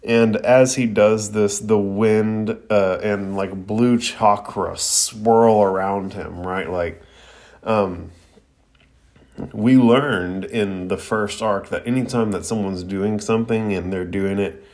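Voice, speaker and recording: A man's voice: fairly low pitch, fairly even intonation, takes it slowly, a little mellow. A young man hosting a podcast, recapping a cartoon episode in a slangy, laughing way with many restarts and some swearing. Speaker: podcast host reviewing anime.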